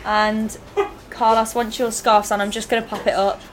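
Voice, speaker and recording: A woman hosting a blind taste challenge, giggly and quick to exclaim. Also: on the high side, flat delivery, a little hiss or hum, rough recording. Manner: giggly, exclaims loudly at bad smells. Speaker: host running a taste challenge. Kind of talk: lively hosting. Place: pub. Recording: busy pub with chatter behind.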